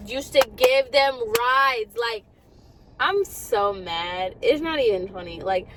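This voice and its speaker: A young woman vlogger in a parked car, ranting to her viewers in a casual, exasperated way. She talks rapidly and with lots of animation. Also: on the high side, a bit bright, slight background noise, rough recording. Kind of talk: casual rant to camera.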